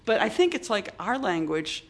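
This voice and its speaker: An older poet from Boston, talking in a halting way with many restarts and strong emphasis. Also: mid-range voice, sing-song. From Boston, United States. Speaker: poet, interview guest. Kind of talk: reflective conversation.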